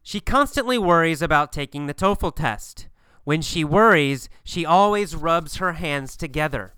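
A man teaching an English pronunciation lesson, asking and answering his own questions deliberately. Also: fairly high pitch, lively intonation, sharp tone, clean tone, no echo, clean studio sound. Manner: slow, deliberate, repetitive questioning.

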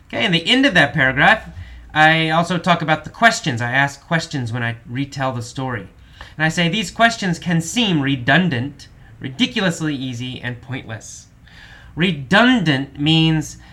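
A man teaching English vocabulary, explaining each word slowly and repeating it in simple terms. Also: medium pitch, sharp tone. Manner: slow, repetitive explaining. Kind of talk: vocabulary lesson.

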